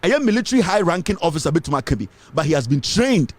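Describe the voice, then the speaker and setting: A man's voice: fairly high pitch, very animated, racing, background noise. A Ghanaian man giving impassioned political commentary, emphatic and fiery, repeating his points and switching between English and Twi.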